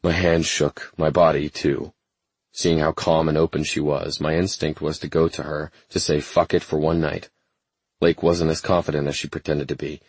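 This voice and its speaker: A man narrating a first-person romance audiobook in a measured, brooding, intense way. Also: extremely low pitch, little pitch movement, husky, dry recording.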